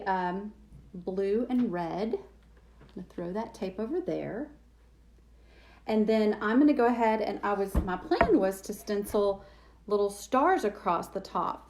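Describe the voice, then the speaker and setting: A woman's voice: mid-range voice, darkish tone. A woman hosting a live craft demo, chatting with viewers and thinking aloud as she works. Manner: chatty, self-deprecating, thinking aloud while working. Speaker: DIY crafts host.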